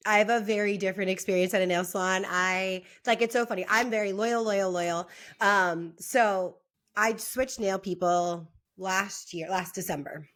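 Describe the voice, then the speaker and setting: Brief: young woman co-host, casual storyteller, mid-pitched everyday voice, acts out the people she quotes. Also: moderate pace. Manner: chatty storyteller, animated when quoting others. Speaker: podcast co-host. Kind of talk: casual chat.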